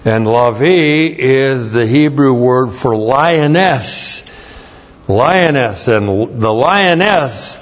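A man's voice: medium pitch, expressive, slow pace. A man teaching a Bible lesson, explaining Hebrew words and spelling them out letter by letter. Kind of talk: verse-by-verse Hebrew word study. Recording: dull lo-fi recording.

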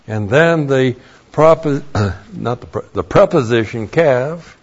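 A male Bible teacher speaks very slowly and deliberately, in a middle-pitched voice, laying out grammar point by point. He spells words out letter by letter and repeats key phrases for emphasis. The recording sounds dull and lo-fi. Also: animated, slightly rough.

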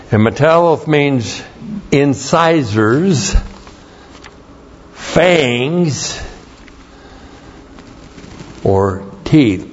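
A man's voice: medium pitch, creaky, darkish tone, slight background noise. A man teaching a Bible lesson, explaining Hebrew words and spelling them out letter by letter. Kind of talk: verse-by-verse Hebrew word study. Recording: dull lo-fi recording.

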